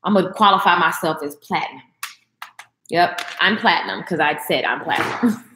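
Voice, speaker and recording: A woman's voice: fairly quick, roomy sound, slight background noise. A young adult woman hosting a casual livestream, chatting with her viewers and answering their comments. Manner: animated, talks back to comments, swings high when excited. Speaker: livestream host.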